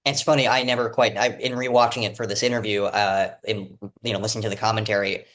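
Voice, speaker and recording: A man hosting an interview, asking questions in a halting way with many fillers. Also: fairly low pitch, fairly even intonation, fairly bright tone. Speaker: interviewer host.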